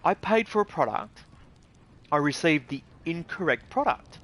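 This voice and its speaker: An Australian man rants about games in a casual, blunt and indignant way, swearing freely. His voice sits a little higher than most men's. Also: sing-song, moderate pace, fairly bright tone. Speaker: gaming video creator. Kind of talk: casual ranting commentary.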